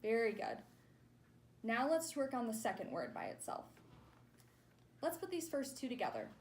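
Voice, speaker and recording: Female clinician, patient and encouraging, slightly high voice, faint background hiss. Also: wildly swooping pitch, darkish tone. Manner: patient, encouraging, modeling words slowly. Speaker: speech-language clinician. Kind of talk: therapy demonstration.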